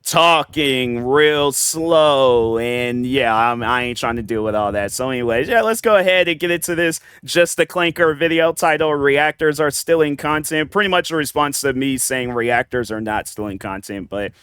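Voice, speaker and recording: Male reaction host, loose and slangy, full of restarts; clean smooth tone, dead-dry room. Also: mid-range voice, moderate pace, few pauses, fairly bright tone, no echo. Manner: rambling, slangy, lots of restarts. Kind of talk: casual reaction commentary.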